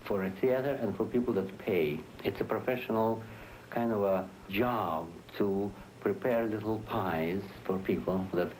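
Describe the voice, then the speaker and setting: A man in an archival interview, speaking in halting English with non-native phrasing. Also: fairly low pitch, a little mellow, slight background noise, low-quality recording.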